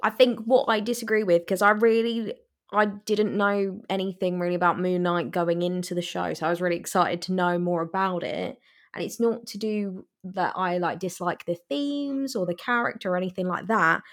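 A woman's voice: on the low side, moderate pace. A young woman, co-hosting a casual chat, telling stories animatedly and giving blunt opinions. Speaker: podcast co-host.

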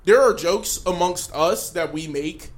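A man's voice: high voice, unhurried. A man in casual podcast chat, blunt and profane, telling confrontation stories.

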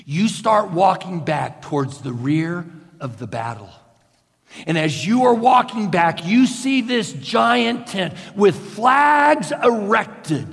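A man preaching a sermon as a slow, guided story, swinging from loud bursts to hushed near-whispers. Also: high-pitched, gravelly, big-room sound. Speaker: pastor.

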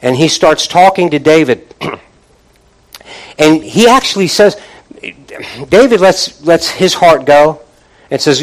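A man's voice: on the high side, a little slow, pauses often, rough recording. A man preaching a sermon, retelling scripture in a casual conversational way, often restarting phrases and asking the congregation for responses. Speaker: pastor.

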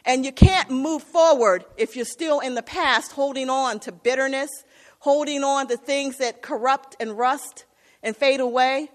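A woman's voice: high voice, a little slow. A woman preacher delivering an impassioned sermon, asking her congregation "Amen?" as she goes. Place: church. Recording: long reverb of a hall.

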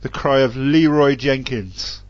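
A man's voice: mid-range voice, unhurried, no room sound. A man in casual chat, summarizing and cutting in to steer the talk, on dull lo-fi audio.

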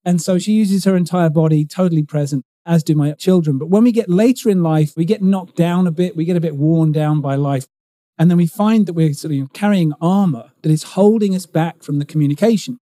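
Male guest, middle-aged, very dark mellow voice, slightly high, dry sound, expressive and explanatory. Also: no room sound. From United Kingdom. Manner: expressive, explanatory, emphatic on key words. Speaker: guest, communication coach. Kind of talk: conversational interview.

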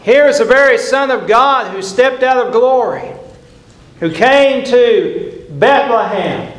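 The sermon comes from an older male preacher whose high, lively-intoned voice moves at a slow, deliberate pace. Earnest and emphatic, he relies on repeated phrases, and his words echo around a church sanctuary.

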